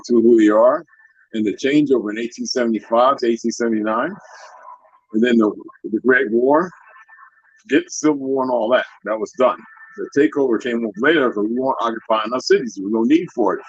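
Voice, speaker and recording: A man's voice: mid-range voice, breathy edge, dry recording, highs cut off. A man lecturing in a casual talk-show chat, full of his own theories. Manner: lecturing, talks about himself as a linguist. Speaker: guest.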